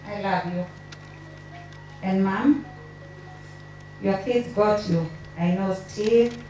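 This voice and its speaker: A woman's voice: medium pitch, warm tone, faint music behind. Tearful woman in echoey hall. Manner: emotional, halting delivery. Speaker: family member giving a eulogy. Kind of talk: reading tributes at a memorial service. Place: memorial gathering in a large hall. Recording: echoey hall from far off, faint noise.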